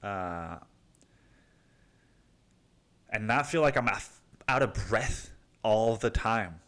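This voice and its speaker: His voice lowish and fairly bright, with lively intonation and a slightly slow pace, a podcast host from Cancun, Mexico, rambles casually on his own. He curses a lot and addresses the listener as dude.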